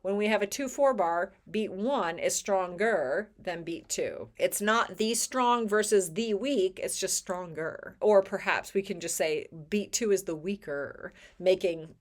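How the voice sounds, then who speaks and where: Woman choir director explaining stuff, clear and emphatic, mid-pitch voice. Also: measured pace, few pauses. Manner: clear, emphatic, sings short sung examples. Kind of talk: educational video explanation.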